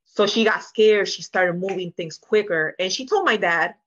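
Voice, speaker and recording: A woman speaks as a guest in a candid sit-down podcast conversation. She tells her story earnestly and emotionally, slipping into the voices of the people she quotes. Her voice is bright and forceful, and the recording sounds a little dull and lo-fi. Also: medium pitch, normal speed. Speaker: interview guest.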